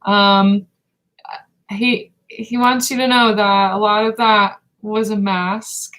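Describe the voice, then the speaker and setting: Woman, intuitive reader, live spiritual reading, slow halting meditative delivery, monotone. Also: medium pitch, low-quality recording.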